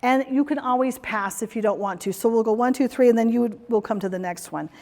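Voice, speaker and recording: A woman's voice: a little high, fast talker, darkish tone. A woman corporate trainer giving a live workshop talk, telling stories and asking the audience questions. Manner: storytelling, chatty, asks the audience questions. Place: conference room or hall. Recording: speech in a hall with long reverb.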